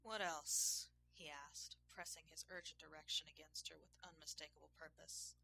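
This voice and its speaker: Woman narrator, erotic story, slow hushed reading, gravelly, bright edge. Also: low-pitched, flat delivery, slight background noise.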